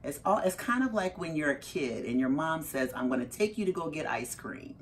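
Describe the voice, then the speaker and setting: A middle-aged woman recounts a story in an interview, animated and expressive, her voice swinging widely and sitting on the lower side for a woman. Faint noise hums behind her. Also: fairly quick. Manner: animated, acts out her own reactions with big jumps in pitch. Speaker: interview guest, mother of a parolee.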